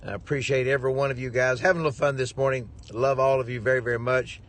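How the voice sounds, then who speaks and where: A man's voice: mid-range voice, steady tone, quick pace, a bit bright. A man, a preacher, telling a rambling, jovial story to his viewers with lots of chuckling. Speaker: preacher and ministry head.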